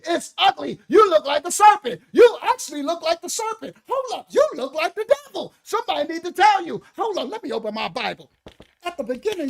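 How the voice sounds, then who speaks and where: A man preaching a fiery sermon, loud and shouting. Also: very high voice, gravelly.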